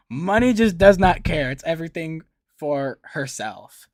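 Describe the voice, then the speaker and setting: A man hosting a casual reaction video, chatty and excitable, laughing easily as he comments. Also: fairly high pitch.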